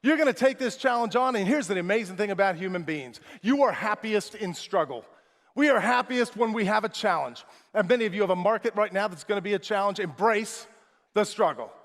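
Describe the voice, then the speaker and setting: A man who is a motivational speaker, giving an energetic, emphatic keynote speech in a large conference room. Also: high voice, brisk. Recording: echoey large hall.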